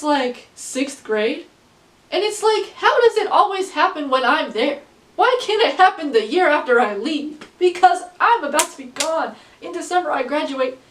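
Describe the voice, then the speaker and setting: A young woman in her late teens telling a story casually to camera, rambling with lots of fillers and laughing often. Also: extremely high pitch. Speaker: vlogger. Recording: echoey room, distant from mic.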